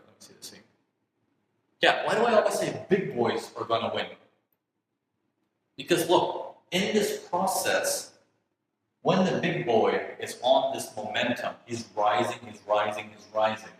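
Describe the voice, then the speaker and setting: A man teaching trading to a class, animated, acting out traders' thoughts in quick asides. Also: medium pitch. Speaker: forex trading instructor. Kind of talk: lively teaching talk. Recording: echoey hall with faint noise.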